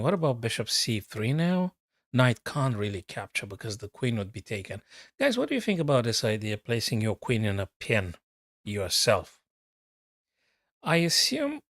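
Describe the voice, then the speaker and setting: A man's voice: medium pitch, a bit bright, dry recording, clean studio sound. A man, a chess coach, giving casual live commentary on a game, chatty and thinking aloud as he talks to his viewers.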